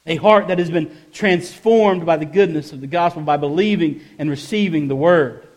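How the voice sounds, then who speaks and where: This man is a pastor giving a sermon at normal speed, reading from scripture as he goes. His delivery moves from quiet, low asides to booming emphatic stretches, with phrases repeated to drive points home.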